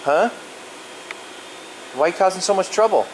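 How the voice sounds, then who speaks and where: A man with a high voice, speaking at normal speed, films a feral cat indoors and coaxes it in a sing-song tone. He keeps saying its name and asking it playful questions. The rough recording has a steady air conditioner hum.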